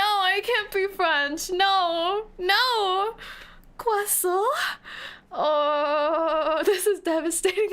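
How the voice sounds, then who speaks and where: A woman's voice: extremely high pitch, a bit bright. A woman streamer commenting on a game playthrough, giggling and squealing in mock despair while reading the game text aloud.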